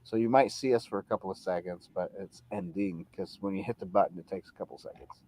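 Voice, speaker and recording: A man's voice: sits low, fast talker, darkish tone, no echo. A man hosting a podcast in casual chat, playful and joking. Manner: joking, playful, does silly voices. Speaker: podcast host.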